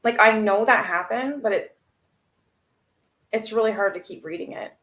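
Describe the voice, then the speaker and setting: A woman with a medium-pitched, slightly bright voice hosts a live stream, speaking at normal speed as she reads a book aloud. She breaks off to react bluntly to viewers, greeting people in chat and swearing freely.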